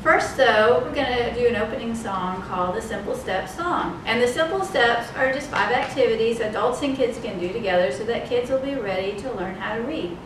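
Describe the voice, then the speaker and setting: Woman, high voice, slow storytime reading, sing-song, echoey room, far from the mic. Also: background noise. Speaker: children's librarian. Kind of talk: children's storytime read-aloud.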